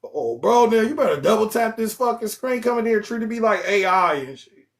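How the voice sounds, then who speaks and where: Male livestream host, somewhat high voice, lively, profane and joking. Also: brisk. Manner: animated, profane, joking, bursts into yelling. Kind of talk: casual livestream chat.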